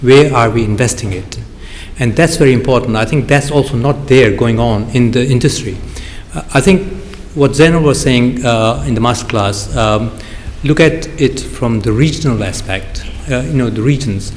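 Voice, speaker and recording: A man's voice: mid-range voice, moderate pace, few pauses, darkish tone. A man speaking on a conference panel, hesitant, with many fillers. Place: hotel conference hall. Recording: large hall reverb, faint background noise.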